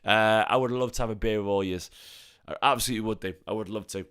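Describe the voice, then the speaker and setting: A man hosting a live-stream fan chat, slightly hoarse from singing, excitable and emotional, repeating his phrases. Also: fairly low pitch, quick pace, dry recording, clean studio sound. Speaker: fan channel host.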